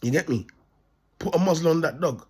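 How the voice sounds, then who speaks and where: A man's voice: fairly high pitch, expressive, a little fast, a little mellow, slightly rough. A man talking to camera in a rambling, repetitive monologue, laughing at his own points and checking in with his listeners again and again. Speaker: self-styled prophet vlogger.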